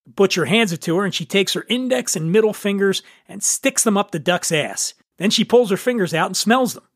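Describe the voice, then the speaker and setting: High-voiced, wisecracking cocktail host. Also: male voice, expressive, fairly quick, no echo, studio quality. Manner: irreverent, wisecracking. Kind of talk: scripted comic cocktail tutorial.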